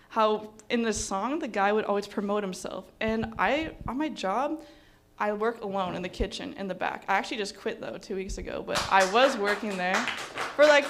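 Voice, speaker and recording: A young woman doing stand-up for the first time, giggly and rambling with self-deprecating jokes. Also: medium pitch. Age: young adult. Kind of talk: nervous stand-up set. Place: small comedy stage.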